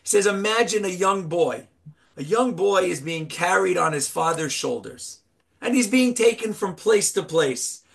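A man giving a Torah class, telling a parable with animated storytelling and rhetorical questions. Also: sits high, unhurried, creaky. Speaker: rabbi teaching Torah.

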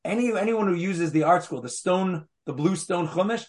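A man lecturing a study group at an easy pace. his voice sits a touch high, and he comes back to his points, restating them with small asides as he goes. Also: animated, moderate pace. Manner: patient, repeats phrases, fond of asides. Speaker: Torah teacher. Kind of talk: explanatory class lecture.

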